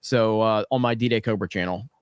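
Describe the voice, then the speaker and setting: A man's voice: lowish voice, moderate pace, clear, resonant tone, no echo, studio quality. A man hosting a live stream in casual chat, laughing often as he tells stories. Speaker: show host.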